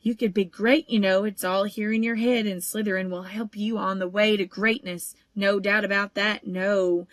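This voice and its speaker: A woman's voice: mid-range voice, fairly even intonation, normal speed, hardly any pauses, no room sound, natural voice. A woman voicing a shrewd old male magic hat that murmurs its thoughts and then bellows out its verdict, in a storybook reading. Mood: musing. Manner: murmuring and musing, then bellowing house names. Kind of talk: audiobook character voice.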